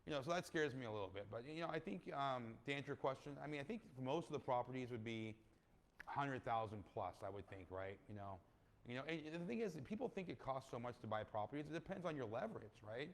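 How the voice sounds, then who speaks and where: Man, real estate investor guest, casual interview chat, animated storytelling, keeps saying "right?". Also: mid-range voice, fast, slight background noise. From California. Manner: animated storyteller, acts out quoted people, many "right?" tags.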